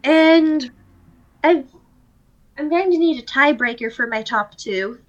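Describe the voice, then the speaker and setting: A woman's voice: sits high, takes it slowly. A young woman co-hosting a podcast, joking playfully and laughing easily. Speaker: podcast co-host. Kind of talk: casual chat. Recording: dull lo-fi mic.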